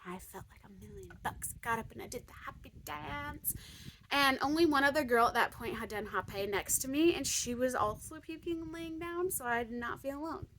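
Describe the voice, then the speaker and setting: Chatty young woman, a bit high. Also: moderate pace, slight background noise. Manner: chatty, lots of "like" and "um", swings between excited outbursts and hushed whispers. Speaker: vlogger. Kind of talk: casual storytelling.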